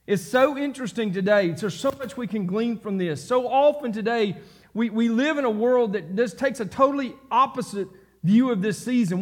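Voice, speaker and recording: High-voiced impassioned preacher man. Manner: impassioned preaching, repeats phrases for emphasis. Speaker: pastor. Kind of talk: sermon. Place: church sanctuary.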